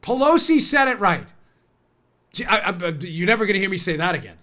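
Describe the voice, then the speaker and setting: Bright, animated ranting male host. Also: sits high, a little fast. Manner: sarcastic, ranting, mocking. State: stuffed up from a cold. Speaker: political talk show host. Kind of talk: opinionated talk show monologue.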